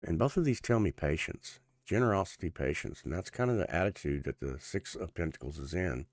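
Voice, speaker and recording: A man's voice: deep voice, animated, fairly quick, dry recording, studio quality. A man giving a casual tarot reading in an earnest, rambling way, with many fillers and restarts, his speech a little thick from sore gums. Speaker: tarot reader.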